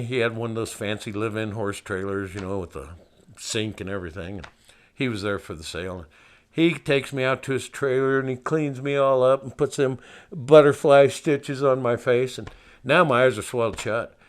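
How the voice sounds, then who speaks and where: A man's voice: medium pitch, moderate pace. An older man from Montana telling a personal story in a folksy, wry way, laughing at himself.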